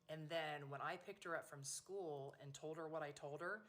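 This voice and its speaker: A woman's voice: deep voice, fairly even intonation, moderate pace, few pauses, a bit bright. A middle-aged woman, a mother, earnestly and emotionally telling a personal faith story. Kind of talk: personal testimony.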